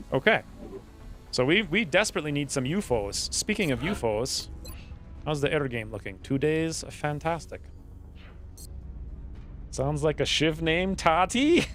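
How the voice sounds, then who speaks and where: A man's voice: on the high side, animated, normal speed, long pauses, a bit bright, soft background music. Rambling, playful male game streamer. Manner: rambling, playful, thinks aloud. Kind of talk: casual gaming commentary.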